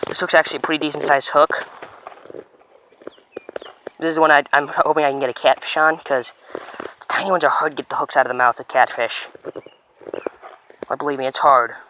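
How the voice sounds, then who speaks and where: A man with a somewhat high voice talks casually while fishing at a pond, rambling, stopping and restarting his sentences. The outdoor recording sounds dull and lo-fi, with steady noise clearly audible behind him. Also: brisk, long pauses. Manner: rambling and chatty, with frequent stops and restarts. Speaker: fishing vlogger.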